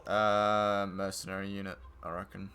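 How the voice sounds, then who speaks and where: A man's voice: deep voice, flat delivery, normal speed, pushed and bright, a little hiss or hum. A man streaming a game live, giving casual commentary full of blunt, profane banter.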